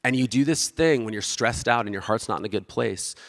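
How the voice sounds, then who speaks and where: A man's voice: mid-range voice, brisk, fairly bright tone, long reverb tail. A man giving a casual, conversational sermon as pastor, self-deprecating and acting out the voices of the people he quotes.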